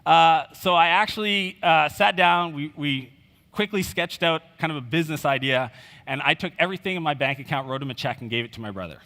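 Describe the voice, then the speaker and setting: His pitch is fairly high and he speaks a little fast, with a bright, forceful tone. The man is a conference speaker giving a keynote in a large hall, narrating a personal experience conversationally with fillers and reported dialogue, and the hall's reverb is audible.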